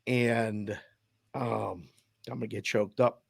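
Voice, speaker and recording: This middle-aged sports betting show host has a Boston accent and a gravelly, husky voice on the low side, speaking slowly with fairly even intonation. He animatedly tells a heartfelt family story with quoted voices in casual storytelling, recorded in studio quality with no echo.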